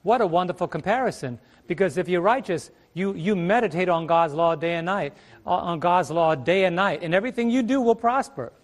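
A man's voice: high-pitched, lively intonation, fairly quick, few pauses. A middle-aged man preaching a sermon from a stage, emphatic, throwing rhetorical questions at the congregation and drawing out key words. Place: church stage. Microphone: stage microphone.

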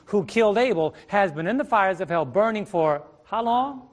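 A man's voice: high voice, lively intonation, moderate pace. A middle-aged male preacher teaching a Bible study sermon on a ministry stage, asking rhetorical questions and repeating his phrases.

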